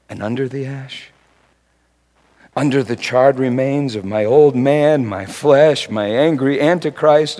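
Male pastor, sermon with personal story, mid pitch, swings from hushed to loud and emphatic. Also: vocal fry, husky, poor audio.

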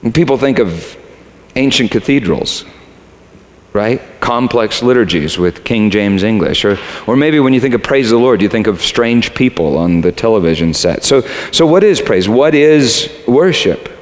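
Lively preaching man in a reverberant hall. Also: medium pitch, normal speed. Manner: animated scripture reading, then conversational preaching. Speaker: pastor. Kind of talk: sermon.

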